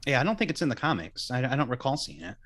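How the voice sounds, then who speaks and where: A man's voice: medium pitch, racing. A man on a casual pop-culture podcast, making dry jokes and joining in the banter. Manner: dry, joking, animated. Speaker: podcast panelist.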